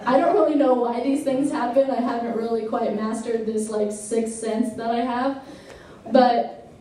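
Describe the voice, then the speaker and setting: A woman's voice: on the high side, dark tone. A young woman performing as a singer-songwriter, chatting to the crowd between songs in a rambling way full of "like" and laughs, heard on a small club stage through a stage mic. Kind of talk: between-song stage banter. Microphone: stage microphone. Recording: roomy live club sound from far off with band music.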